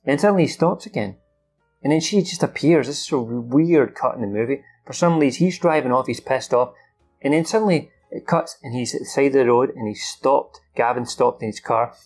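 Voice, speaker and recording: Young male host, gravelly, swears and acts out lines, unscripted recap. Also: medium pitch, a little fast, darkish tone, soft background music. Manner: rambling, swears freely, acts out the characters' lines. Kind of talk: unscripted film recap from memory.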